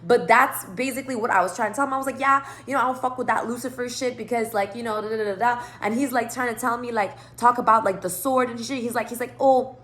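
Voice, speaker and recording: A woman's voice: on the high side, quick pace, few pauses. A woman telling a long, rambling personal story to camera, swearing freely and acting out both sides of the conversation. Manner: rambling, profane, animated retelling. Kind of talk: casual storytime monologue.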